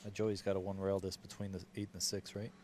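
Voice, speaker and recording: A man co-commentating on a pool match in an easygoing way, quick to laugh. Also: deep voice, little pitch movement, background noise. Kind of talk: live sports commentary.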